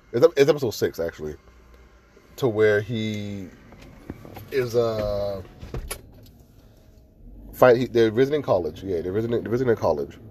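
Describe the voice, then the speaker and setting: A man's voice: fairly low pitch, dark tone. A man hosting a podcast and giving a casual review, swearing freely and getting heated as he rants. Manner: profane, ranting, growing heated. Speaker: podcast host.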